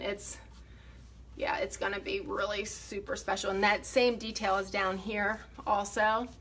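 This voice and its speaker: Her voice is medium-pitched and fairly bright, with a little hiss or hum in the audio. Painting furniture she's refinishing, she talks casually and eagerly to viewers via her phone camera, slightly breathless, demonstrating how it's done.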